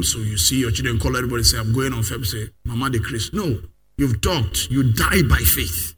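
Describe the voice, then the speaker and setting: A man preaching a sermon, leading the congregation in call-and-response and rising to loud declarations. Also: medium pitch, animated, fairly quick, husky.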